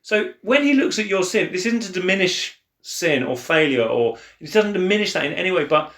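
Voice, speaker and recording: Animated man, echoey room. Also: a little fast. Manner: animated, acts out quotes with big pitch swings and laughs. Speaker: co-host of a church Bible podcast. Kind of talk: casual Bible discussion.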